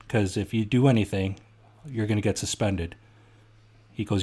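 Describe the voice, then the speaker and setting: Guy hosting a podcast, kinda low voice, blunt and fired up, swears a lot. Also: normal speed, pauses often, darkish tone, breathy edge. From Canada. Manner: blunt, heated, swears freely. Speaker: podcast host. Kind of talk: casual storytelling chat.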